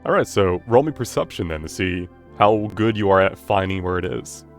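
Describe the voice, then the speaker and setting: Guy running a tabletop game, lowish voice, rambly and relaxed, soft music behind. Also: normal speed. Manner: relaxed, rambling with fillers and restarts. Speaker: game master.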